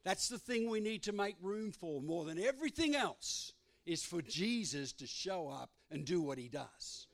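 A male pastor delivering a sermon. His voice sits a little high for a man, and he drives his points with emphatic, repeated phrases. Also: lively intonation, normal speed, a bit bright. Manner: emphatic preaching with repetition.

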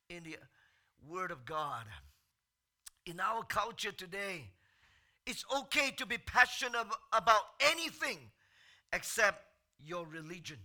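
A man with a very high, bright and piercing voice preaching a sermon. He speaks slowly and deliberately, dropping low and soft before rising to shouted exclamations and questions thrown at the congregation. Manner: swings from soft, slow talk to shouted outbursts. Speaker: pastor.

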